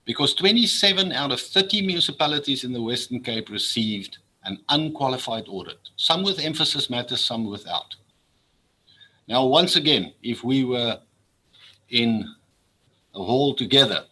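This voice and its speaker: A South African public official delivers a formal, earnest speech to an assembly, often repeating words when he feels strongly. His medium-pitched voice is animated, sharp, and husky at a moderate pace, and the recording quality is low.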